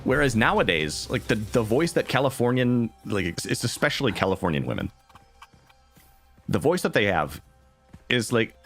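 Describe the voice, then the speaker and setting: A man streaming a video game who rambles casually in an animated way, full of asides. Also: mid-range voice, moderate pace, soft background music. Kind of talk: casual gameplay commentary.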